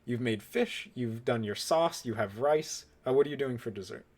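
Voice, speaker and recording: A man narrating as game master, relaxed, with filler pauses. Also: mid-range voice.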